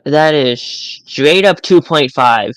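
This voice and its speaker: A man's voice: on the high side, expressive, slow pace, clear, resonant tone, no echo. A man chatting casually on a live stream as a toy collector, rambling and often stammering over his words.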